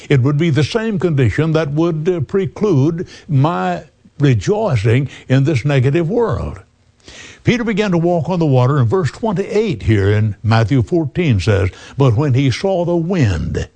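A man's voice: a little high, darkish tone. A middle-aged man preaching a sermon in an earnest, emphatic way, lifting his voice for quoted words.

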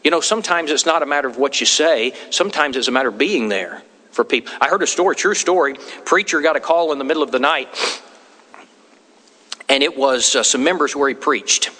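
A man's voice: a little high, brisk, pushed and bright. A man preaching a sermon in a church, telling homey stories and quoting people in acted voices. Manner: folksy storytelling with acted quotes. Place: church sanctuary. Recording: long hall reverb.

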